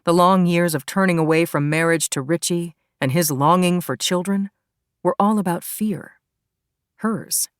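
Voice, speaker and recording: A woman narrating an audiobook in a calm, even storytelling manner. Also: fairly low pitch, measured pace, dry recording, clean studio sound. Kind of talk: scripted narration.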